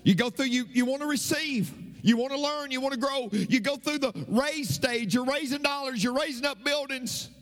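A man's voice: very high voice, moderate pace, hardly any pauses, fairly bright tone. A man preaching a sermon as a pastor, emphatic and repetitive, his voice swooping up and down. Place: church. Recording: long reverb of a church hall.

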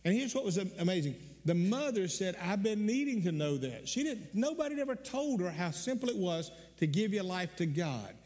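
A man preaching a sermon, telling a personal story earnestly and slowing down on the emotional moments. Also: sits high, big pitch swings, a little mellow, big-room sound.

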